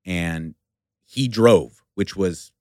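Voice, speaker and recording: Low-voiced man telling a rambling story. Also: darkish tone, no room sound, clean studio sound. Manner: rambling, halting, profane storyteller. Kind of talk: casual storytelling chat.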